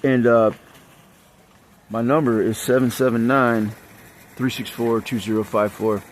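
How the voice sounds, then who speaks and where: A man's voice: mid-range voice, fairly even intonation, measured pace, a little hiss or hum. A man rambling and venting in an agitated monologue, swearing heavily as he talks. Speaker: vlogger.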